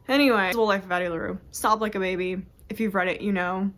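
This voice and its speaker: A woman's voice: medium pitch, fairly even intonation, very fast, fairly bright tone. A young woman chatting casually about books at home for her vlog, rambling and interrupting herself. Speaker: book vlogger. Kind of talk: casual chat.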